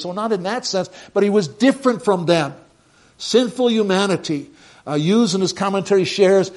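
An older male pastor delivering a sermon, his slightly higher voice talking to the congregation in a relaxed, storytelling way. He often swells into louder, emphatic stretches to drive home a point. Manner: conversational preaching with rising emphatic bursts.

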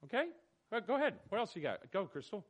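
High-voiced guy leading a bible study, swoops all over, keeps asking questions. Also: fast. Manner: animated, questioning, calls on people by name. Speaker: church study group leader. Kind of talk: animated discussion leading.

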